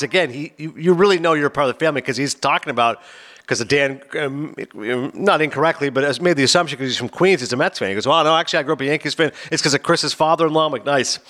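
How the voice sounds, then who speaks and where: A man co-hosting a casual podcast chat, telling stories in an animated way. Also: on the high side. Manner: rapid, animated storytelling. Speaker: podcast co-host.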